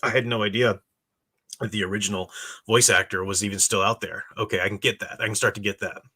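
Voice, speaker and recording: Male live-stream host, low pitch, bright and punchy tone, opinionated. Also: fairly even intonation, quick pace, slightly rough. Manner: opinionated and emphatic. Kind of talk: casual live-stream commentary, reading chat.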